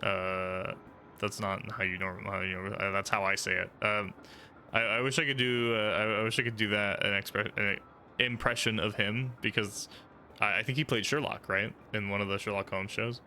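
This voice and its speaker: A man's voice: lowish voice, fairly even intonation, normal speed, sharp tone, a little hiss or hum. Giggly rambling male game streamer. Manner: giggly, rambling, self-deprecating. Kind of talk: casual gameplay commentary. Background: game music.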